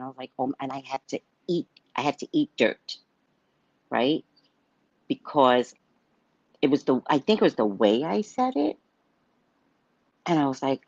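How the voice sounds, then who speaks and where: A woman's voice: sits low, very animated, measured pace, long pauses, darkish tone, no echo, lo-fi sound. Blunt, cursing woman hosting a psychic show. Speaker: psychic host of a live show. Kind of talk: casual livestream monologue.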